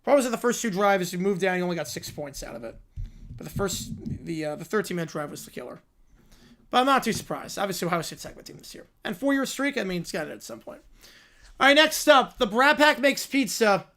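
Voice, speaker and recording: A man hosting a sports livestream, reacting casually in a relaxed, offhand way. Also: high-pitched, fast talker. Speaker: livestream host.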